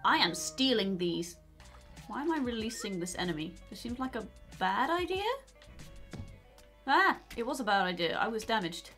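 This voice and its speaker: Brief: high-voiced young woman, casual let's play commentary, goofy and chatty. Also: sing-song, moderate pace, fairly bright tone, soft background music. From outside the United States. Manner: playful, reads game dialogue aloud. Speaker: gaming YouTuber.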